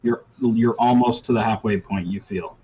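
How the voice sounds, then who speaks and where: A man running a tabletop role-playing game as game master, talking in a relaxed way with many ums and uhs. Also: lowish voice, moderate pace, muffled recording, slight background noise.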